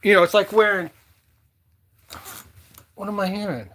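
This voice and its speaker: A man from Michigan vlogging casually, rambling and joking with loud whoops. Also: high-pitched, steady tone, moderate pace. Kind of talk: casual outdoor vlog chat.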